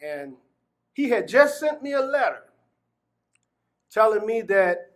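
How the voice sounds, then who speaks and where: A middle-aged exoneree from Gary, Indiana, gives earnest, heartfelt testimony about his own story. His voice sits high for a man and has a sing-song quality at a slow pace, and he laughs often.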